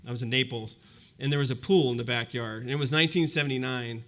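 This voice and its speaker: Speaking at a university event to a live crowd, this fifty-something presenter reflects on a personal story in a chatty style full of "you know" fillers. His pitch sits in the middle, his tone stays steady and fairly bright, and he moves at a quick pace.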